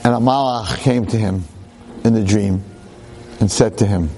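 A man telling a story in a sermon, an animated storyteller with dramatic pauses. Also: fairly low pitch, slight background noise. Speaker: rabbi lecturer.

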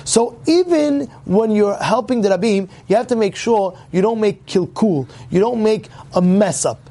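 A man's voice: high voice, animated, moderate pace, dark tone. A man teaching a religious class to his congregation, emphatic, repeating himself and asking rhetorical questions.

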